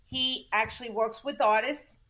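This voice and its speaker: A woman guest in a casual interview, telling music business stories in an animated, emphatic way, repeating words for stress and cursing casually. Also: fairly high pitch, normal speed. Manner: acts out quoted voices in lively storytelling. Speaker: music manager and entertainment attorney, guest.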